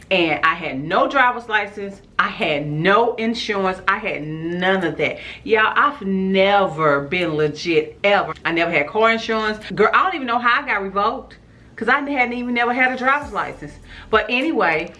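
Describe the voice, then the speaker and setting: A woman's voice: mid-range voice, sharp tone. A woman vlogger telling a storytime to camera in a casual, chatty way, often calling out to her viewers and laughing. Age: adult with a school-age son.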